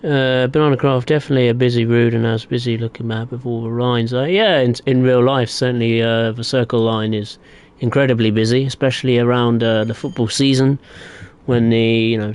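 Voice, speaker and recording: A man's voice: mid-range voice, darkish tone, clean tone. A young man live-streaming a train game, chatting casually and answering viewers in a rambling way. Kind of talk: live gameplay commentary.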